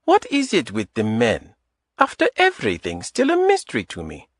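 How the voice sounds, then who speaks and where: A man's voice: mid-range voice, wildly swooping pitch, normal speed, no room sound, studio quality. A man voicing a teasing, stubborn woman in her early thirties with a light Eastern European accent in an audiobook, blunt and clipped. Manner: blunt, drops little words, teasing. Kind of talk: audiobook character voice.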